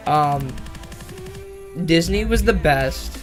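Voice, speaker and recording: A man's voice: on the high side, normal speed, fairly bright tone, faint music behind. A young man casually telling a rambling story about his school year, often correcting himself and swearing. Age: young adult. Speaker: vlogger.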